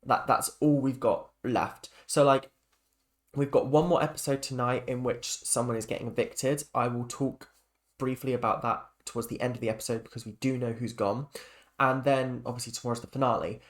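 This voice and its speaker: A man's voice: mid-range voice, fairly even intonation, moderate pace. A young man giving a rambling, chatty reaction to a reality show, full of fillers and restarts. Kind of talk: casual opinion rant.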